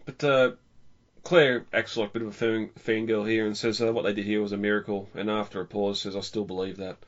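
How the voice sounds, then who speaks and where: A male podcast co-host talks about films casually, rambling and restarting as he goes. His voice is fairly low and level in tone, with a brisk pace, captured on dull lo-fi audio.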